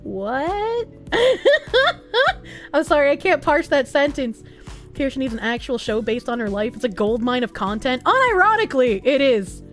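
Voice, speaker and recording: High, lively young woman streamer. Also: moderate pace, faint music behind. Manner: animated, laughs often, swears freely. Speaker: livestreamer. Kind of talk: casual chat reading viewer messages.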